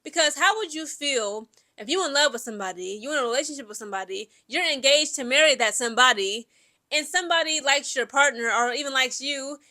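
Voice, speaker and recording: A young adult woman talks through her opinions, animated and opinionated, with plenty of filler words. Her voice sits high and sounds bright and forceful, with a lively, chatty delivery. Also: a little fast. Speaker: commentary vlogger. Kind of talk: casual opinion commentary.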